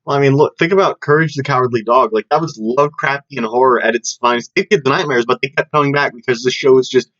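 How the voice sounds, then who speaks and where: A young man co-hosting a podcast in casual chat, rambling and animated with lots of fillers and restarts. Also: medium pitch, quick pace, hardly any pauses. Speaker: podcast co-host. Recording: dull lo-fi podcast audio.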